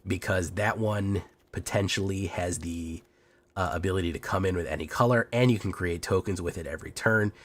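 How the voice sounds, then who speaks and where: A sick man with a hoarse, deep and raspy voice, chatting casually as a game streamer with many fillers and quiet trailing asides. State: hoarse from illness.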